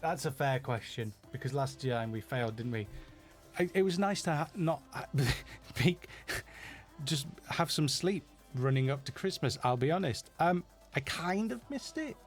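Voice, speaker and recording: A man's voice: fairly high pitch, lively intonation, moderate pace, faint music behind. A middle-aged man from Yorkshire with a Yorkshire accent, casually answering viewer questions in a live Q&A, chatty and self-deprecating with lots of fillers and restarts. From Yorkshire, England.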